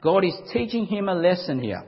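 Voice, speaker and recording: A man's voice: high-pitched, very animated, a little fast, slightly rough. A man preaching an emphatic sermon, acting out quotes dramatically as a pastor. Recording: dull lo-fi recording with long hall reverb.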